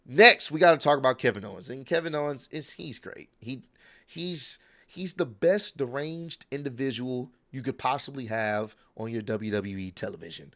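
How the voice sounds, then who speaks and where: A man's voice: mid-range voice, moderate pace, pushed and bright. A man giving a casual, opinionated spoken recap of a show, rambling with frequent fillers. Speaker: wrestling recap vlogger.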